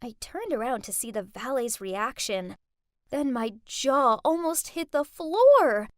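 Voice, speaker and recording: Expressive woman narrator for an animated story, high and animated, bone-dry close mic. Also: measured pace, dry recording. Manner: expressive, dramatic. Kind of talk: scripted first-person narration.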